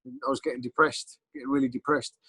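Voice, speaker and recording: A man's voice: mid-range voice, flat delivery, fast, bright, forceful tone, husky, no echo, rough recording. A middle-aged Englishman, telling rambling, blunt stories as a podcast guest, full of ums and restarts. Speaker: podcast guest, former bodyguard. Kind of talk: casual storytelling interview.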